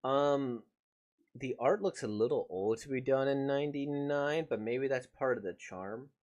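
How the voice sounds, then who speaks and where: A man's voice: mid-range voice, unhurried, a little mellow, muffled recording. A man casually reacting to a comic he is reading aloud, rambling with many fillers.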